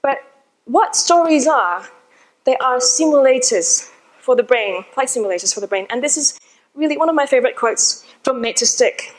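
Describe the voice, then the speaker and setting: A woman with a high, light voice speaks to a seated audience. She tells her story in a chatty, informal way, as if talking with friends, while still giving a talk from the front of the room. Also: animated, normal speed, rough recording. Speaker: conference speaker.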